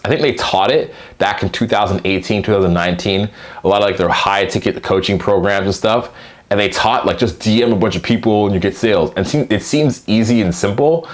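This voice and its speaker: A man coaching on dating and sales in a casual, animated monologue, acting out short exchanges with plenty of filler words. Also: fairly low pitch. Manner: animated, acts out quick dialogues with filler words.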